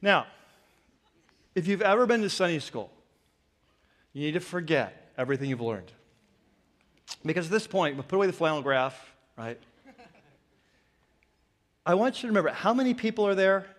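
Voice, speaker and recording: A man's voice: sits high, very animated, moderate pace, pauses often. A man preaching a sermon as pastor, in a chatty, joking way that drifts into personal stories. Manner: chatty, joking, digressive storytelling. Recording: long reverb of a large hall.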